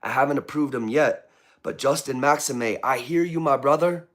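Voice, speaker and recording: A man's voice: mid-range voice, normal speed. Impassioned man reading out comments. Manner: impassioned, preachy, reads out viewer comments. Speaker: political vlogger. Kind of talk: live political commentary.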